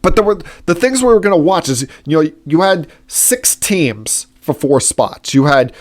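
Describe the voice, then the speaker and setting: A man's voice: fairly high pitch, expressive, normal speed. A man hosting a solo sports-talk podcast, giving opinionated, indignant commentary with frequent filler words. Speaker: podcast host.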